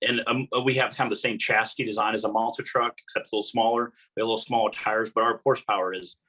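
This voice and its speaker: Fast, bright-voiced man telling stories. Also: on the low side, fairly even intonation, breathy edge, poor audio. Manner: rambling, anecdotal, many fillers. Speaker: guest, motorsport announcer. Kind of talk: casual interview talk.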